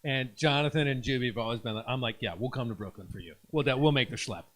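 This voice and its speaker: A man's voice: medium pitch, fast, a bit bright. A man who is a guest emcee, trading playful, joking banter in a casual way. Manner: playful, wisecracking.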